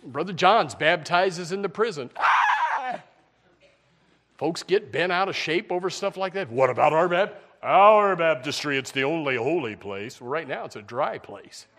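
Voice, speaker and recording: A man's voice: a little high, lively intonation, normal speed, hardly any pauses, a bit bright. Folksy preacher man. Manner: folksy, with mocking put-on voices. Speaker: pastor. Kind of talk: sermon.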